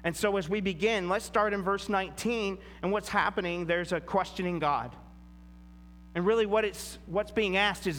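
A man's voice: high-pitched, normal speed, a bit bright, big-room sound, a little hiss or hum. A man preaching a sermon, reading scripture aloud and then explaining it with rising emphasis. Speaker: pastor.

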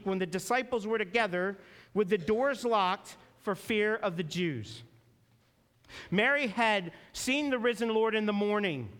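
A man preaching a sermon as a pastor, earnest and storytelling, slowing down and dropping low for emphasis. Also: fairly bright tone.

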